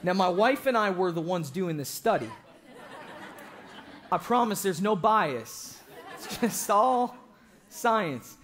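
A young man preaches in a church with a high, lively voice that leaps up and down. He jokes with the congregation and breaks into shouts to drive home a point. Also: slow, pauses often, some chatter behind, a little hiss or hum. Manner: animated, joking, bursts into shouting. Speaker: evangelist. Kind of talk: sermon.

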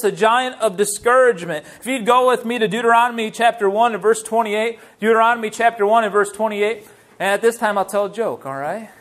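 A man preaching a sermon in a church, lively and full of rhetorical questions to the congregation. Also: high-pitched. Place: church sanctuary.

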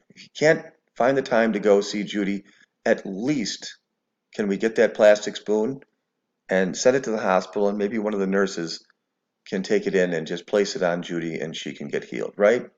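A man's voice: lowish voice, moderate pace, muffled recording. A man giving scornful, preachy religious commentary to the camera, mixing scripture with sarcasm. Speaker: video commentator.

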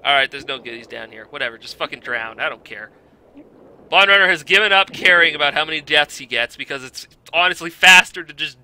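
A man giving blind let's play commentary, exasperated, swearing often and yelling at the game. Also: on the high side.

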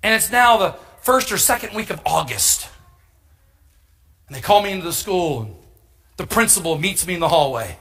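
High, bright-voiced man preaching with humor. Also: brisk. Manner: humorous, animated, bursts into emphatic shouts. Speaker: pastor. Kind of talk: storytelling sermon.

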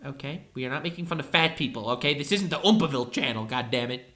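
A woman hosting a meme reaction video, exclaiming in disbelief and then giving flat mock-deadpan verdicts. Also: extremely low pitch, fast, very noisy. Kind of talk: casual reaction commentary.

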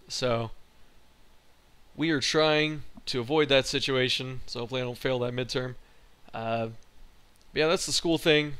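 Bright, crisp-voiced young man venting. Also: mid-range voice. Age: young adult. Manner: frustrated, profane storytelling. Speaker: college student vlogger. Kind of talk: casual venting monologue.

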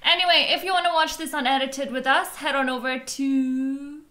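A woman's voice: sits high, fairly even intonation, normal speed, pushed and bright. A Scottish woman co-hosting a reaction video in casual chat, chatty and self-mocking, laughing often. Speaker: reaction channel co-host.

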